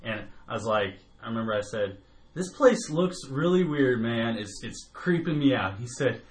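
A man's voice: medium pitch, lively intonation, moderate pace. A man telling a long story in casual chat, swearing freely and laughing as he goes. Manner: profane, laughs often while telling. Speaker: podcast co-host telling a story.

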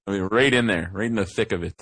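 A young man co-hosting a casual podcast, ranting in an animated, profane way. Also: fairly low pitch, dry recording. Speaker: podcast co-host.

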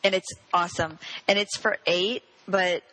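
A woman chatting casually on a card-game podcast, with a playful, teasing way of talking. Her voice is bright and clear. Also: on the low side, fairly even intonation, moderate pace, rough recording. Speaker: podcast co-host. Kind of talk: casual chat about card games.

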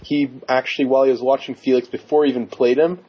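A man's voice: mid-range voice, little pitch movement, fast talker, husky. A man co-hosting a podcast, chiming in with enthusiastic remarks. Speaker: podcast co-host. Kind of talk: casual chat. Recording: muffled lo-fi podcast audio.

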